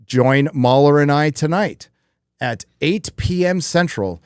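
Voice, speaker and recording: A man's voice: fairly high pitch, takes it slowly, clean tone, dry recording, studio quality. A man hosting a casual live stream, talking bluntly with frequent swearing. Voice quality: profane, blunt. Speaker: livestream host.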